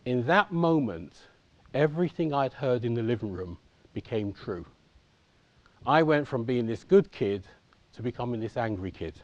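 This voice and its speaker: A man's voice: medium pitch, lively intonation, moderate pace, darkish tone. A man in his fifties from England speaks candidly about his own upbringing and often checks in with his audience. The recording is dull and lo-fi, with a dry sound that has no room echo. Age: 50s. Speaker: conference speaker. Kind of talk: personal storytelling talk.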